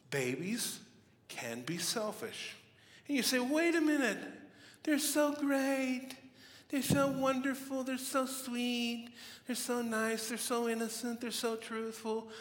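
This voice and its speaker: A man's voice: on the high side, fairly bright tone. A middle-aged male pastor preaching a sermon with humorous stories and playful mock voices. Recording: reverberant hall.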